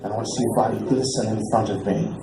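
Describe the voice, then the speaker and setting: Leering male caller, put on by a comic, low breathy purr, quiet and drawn out, roomy echo. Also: steady tone, very fast, close to an everyday voice. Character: lecherous male customer on the phone.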